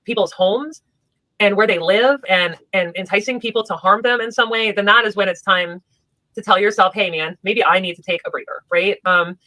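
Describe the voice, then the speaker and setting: A woman's voice: mid-range voice, normal speed, sharp tone, dry recording, rough recording. A woman streamer talking bluntly and profanely in casual streaming talk.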